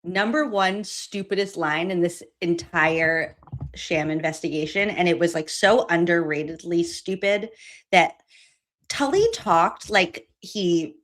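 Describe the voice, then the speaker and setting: A woman hosting a casual livestream, giving sarcastic running commentary with frequent laughs. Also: on the low side. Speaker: livestream host. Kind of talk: casual commentary on trial footage.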